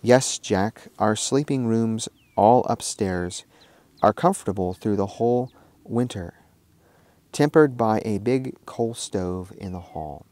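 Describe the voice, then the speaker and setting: A man voicing a kindly middle-aged farm mother in a storybook reading, speaking softly and patiently. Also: lowish voice, slow pace, dry recording. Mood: gentle. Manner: soft, tender and patient.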